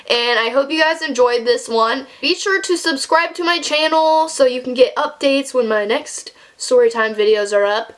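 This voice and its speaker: Chatty young woman vlogger, high voice. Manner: chatty, filler-heavy, animated when retelling. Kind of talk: casual storytime vlog.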